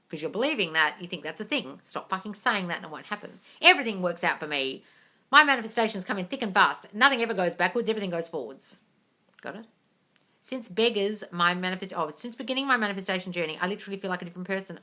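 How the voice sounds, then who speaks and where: Blunt, animated woman hosting a live Q&A. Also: mid-range voice, fast. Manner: blunt and sweary, calls viewers darling; animated, jumps into loud excited bursts. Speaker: livestream host answering viewer questions. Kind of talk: casual live Q&A chat.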